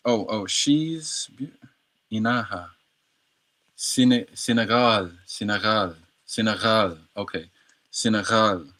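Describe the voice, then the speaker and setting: Low-voiced man practicing words aloud. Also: fairly bright tone. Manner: repeats words over and over, slangy and playful. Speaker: streamer learning Arabic. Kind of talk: casual livestream language practice.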